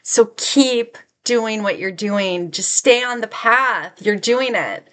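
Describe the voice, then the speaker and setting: A woman's voice: fairly high pitch, slow pace, pushed and bright. Middle-aged woman, spiritual vlogger; earnest, encouraging, conversational with many fillers. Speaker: spiritual content creator. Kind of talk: heartfelt spiritual vlog message.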